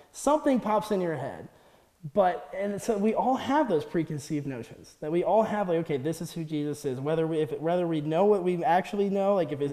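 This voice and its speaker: A young man with a high, mellow voice gives a chatty guest sermon, laughing often and acting out the quotes he tells. His voice rings out with the long reverb of a large hall. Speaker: guest speaker. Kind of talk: casual sermon.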